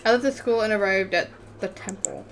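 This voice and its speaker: A woman reads a story game out loud in an unpolished, casual way, stumbling and restarting words as she goes. Her pitch sits in a middle range, and a faint hiss lies under the recording. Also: a little fast. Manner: stumbles over words while reading. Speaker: gamer reading a visual novel aloud. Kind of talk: casual let's-play reading.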